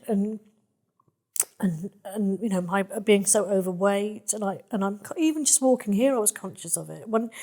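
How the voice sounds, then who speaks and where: A woman speaking emotionally with her therapist, halting and searching for words. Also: mid-range voice, mellow. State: emotional, near tears. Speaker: therapy client.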